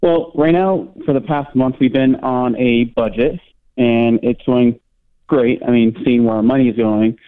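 A man calling in to a radio show, talking in a halting way with many fillers. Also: mid-range voice, fairly even intonation, clear, resonant tone. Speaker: caller. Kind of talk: call-in question on radio. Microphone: phone line. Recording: tinny phone line.

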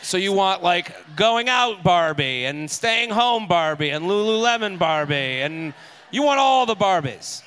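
A man's voice: sits high, animated, measured pace, a bit bright, slight background noise. A man hosting a live comedy show, joking and swearing as he banters with the crowd. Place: live venue with audience.

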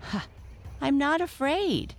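A narrator doing a cheeky high young boy hippo. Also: big pitch swings, takes it slowly, full character voice. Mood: defiant. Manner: laughing, defiant.

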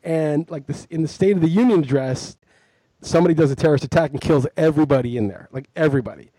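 A man's voice: on the high side, fast talker, warm tone, slightly rough, no echo. A man co-hosting a podcast in casual chat, telling long, rambling, self-mocking stories. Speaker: podcast co-host.

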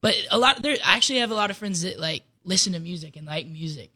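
Bright-voiced teen boy. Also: high voice, animated, fast, slightly rough. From Mississippi. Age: teens. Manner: chatty, easygoing, lots of "like". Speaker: musician guest. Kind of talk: casual radio interview.

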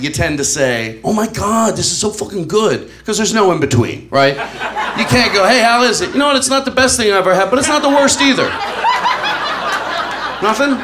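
Animated high-voiced stand-up comedian man. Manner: animated, acts out characters, crude. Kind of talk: live stand-up set. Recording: live club recording with audience noise. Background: audience laughter.

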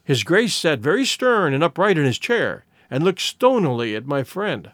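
A man narrating a classic story in audiobook style. His voice is fairly high and very lively in pitch. The recording is close and dry. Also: normal speed, no room sound.

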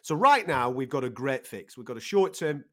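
A man's voice: medium pitch, very animated, normal speed, pushed and bright. A man co-hosting a podcast, talking casually and emphatically, often restarting to find his words. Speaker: podcast co-host. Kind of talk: casual chat.

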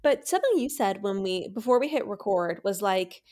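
A woman's voice: medium pitch, animated, normal speed, darkish tone. A woman co-hosting a podcast in casual chat, friendly, gushing and upbeat. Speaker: podcast co-host.

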